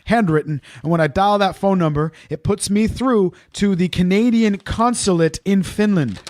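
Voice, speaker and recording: A man's voice: sits high, moderate pace, a little mellow, dry recording, studio quality. A man co-hosting a podcast, chatty and playful, leading the talk. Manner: chatty, playful, leads the conversation. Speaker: podcast co-host. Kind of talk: casual podcast chat.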